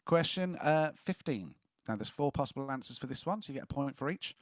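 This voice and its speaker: A man runs a quiz with a lively, bouncing delivery and plenty of chuckles. His voice sits in a middle register, recorded close and dry. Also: medium pitch, a little fast, dry recording. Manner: jokey, chuckling as he reads questions. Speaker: quiz host. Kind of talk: casual quiz chat.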